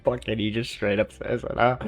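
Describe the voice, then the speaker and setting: A man's voice: lowish voice, flat delivery, a little fast, soft background music. A man from Canada giving blunt, swear-heavy reaction commentary, ranting casually. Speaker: reaction streamer.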